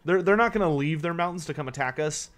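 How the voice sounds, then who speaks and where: A man's voice: on the high side, animated, fast, fairly bright tone. A man streaming a strategy game live, chatting casually, answering viewers' questions and sounding tired. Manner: chatty, answers chat questions, swears when annoyed. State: tired, yawning. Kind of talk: casual live-stream commentary while playing.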